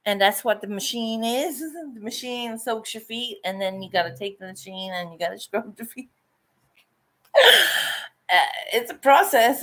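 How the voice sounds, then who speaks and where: Slow-talking, salty woman vlogger. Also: mid-range voice, a bit bright. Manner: salty, swears freely, laughs often. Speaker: painting vlogger. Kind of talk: casual chat while painting.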